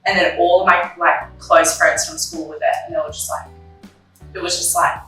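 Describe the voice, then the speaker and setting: A young woman speaks openly in a bright voice, full of likes and ums, often acting out what she and others said back then. She sounds a little off the microphone, in a very echoey room. Faint music plays under her. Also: lowish voice, steady tone, normal speed, recorded from a distance. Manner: candid, emotional, retells her own past dialogue, many likes and ums. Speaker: interview guest. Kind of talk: personal conversation about grief.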